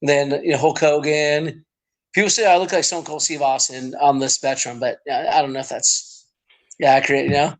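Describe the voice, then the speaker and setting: A man guesting on a podcast as a comedian, talking casually with halting, stammering restarts. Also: on the high side, fairly even intonation, poor audio.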